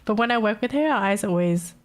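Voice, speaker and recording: A woman's voice: medium pitch, lively intonation, fast, slight background noise. A young woman streaming live, chatting casually with her chat, swearing and laughing often, her nose blocked so she sounds stuffy.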